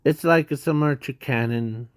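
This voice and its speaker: A man slowly narrating an improvised fan story, halting often with restarts and fillers. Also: medium pitch, smooth, no room sound.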